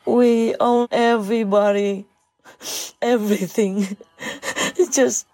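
A woman giving an emotional spiritual talk, halting and tearful, with her throat choked up and many pauses. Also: fairly high pitch, vocal fry, a little mellow, poor audio.

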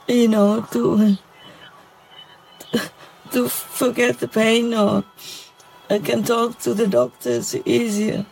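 A woman giving an emotional spiritual talk, halting and tearful, with her throat choked up and many pauses. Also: on the high side, vocal fry, a little mellow, slight background noise, poor audio.

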